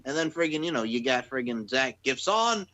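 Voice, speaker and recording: A man's voice: medium pitch, big pitch swings, moderate pace, muffled recording. Crude, joking man co-hosting a podcast. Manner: loud, joking, crude, laughs a lot. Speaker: podcast co-host. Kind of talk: casual podcast banter.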